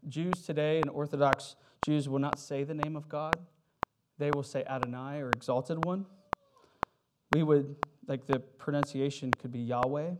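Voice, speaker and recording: A man preaching a sermon in a conversational way, with fillers and self-corrections, who reads scripture with rising emphasis. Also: fairly high pitch. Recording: loud background noise.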